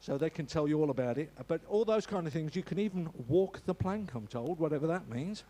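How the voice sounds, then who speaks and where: A man with a slightly high, mellow voice speaks in an animated way and fairly quickly as he gives a church notice. He keeps it casual and joking but often stumbles and restarts his sentences.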